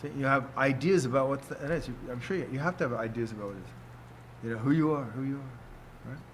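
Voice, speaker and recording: A man's voice: mid-range voice, fast, a bit bright, a little hiss or hum. Older guy rambling thru a lesson, says "see?" a lot, chuckly. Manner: rambling, keeps asking "see?", chuckles often. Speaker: teacher. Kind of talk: casual teaching talk.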